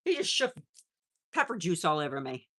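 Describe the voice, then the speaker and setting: A woman's voice: low voice, very animated, normal speed, a bit bright, breathy edge. A woman hosting a casual live stream from home on her phone, chatting with viewers and cooing at her pets. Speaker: pet channel host.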